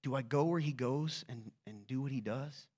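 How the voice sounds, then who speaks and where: In church, a male pastor gives a relaxed, chatty sermon at normal speed, poking fun at the people in the pews. His voice is of ordinary pitch, and he asks rhetorical questions while veering from hushed remarks to loud, excited bursts.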